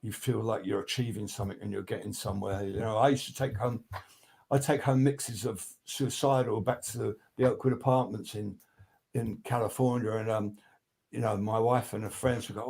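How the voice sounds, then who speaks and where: A man's voice: lowish voice, a little fast, gravelly. An older man, telling studio stories in a rambling, profane, casual way on a video call. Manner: rambling, profane, restarts a lot, animated quoting. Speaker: guest record producer. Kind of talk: casual storytelling interview.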